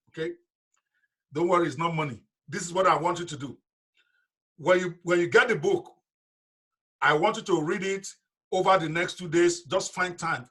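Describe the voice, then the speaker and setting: A man's voice: a little high, sharp tone, breathy edge. A man leading a live online business seminar, talking directly and emphatically to his audience over a video call.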